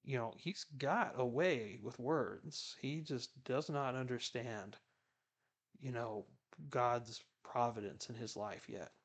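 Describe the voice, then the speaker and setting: A man's voice: mid-range voice, slow. A man giving casual Bible commentary, chatty, retelling scripture in everyday words.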